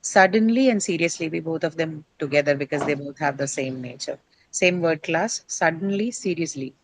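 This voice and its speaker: A woman's voice: sits low, normal speed, a little hiss or hum, poor audio. A middle-aged woman teacher lecturing a class, explaining step by step and quizzing her students as she goes.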